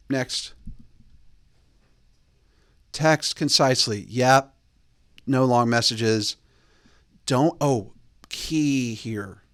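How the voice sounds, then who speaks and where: A man's voice: a bit bright, dry recording. A male host giving blunt, bossy dating advice in a casual monologue, close to the mic. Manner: blunt, bossy, mocks texts in a high put-on voice.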